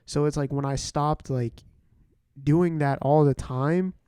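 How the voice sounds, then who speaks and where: A man's voice: fairly high pitch, fairly even intonation, takes it slowly, dark tone, clean tone, no room sound, clean studio sound. A young man co-hosting a podcast, talking in a laid-back, rambling way with lots of filler words. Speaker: podcast co-host. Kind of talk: casual chat.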